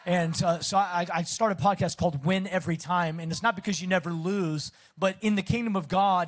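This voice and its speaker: A middle-aged man with a slight Southern accent, a guest pastor opening a sermon in an energetic, chatty way with self-deprecating humor. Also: sits high. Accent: Southern American, Texas. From Pacific Northwest of the US. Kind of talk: sermon introduction.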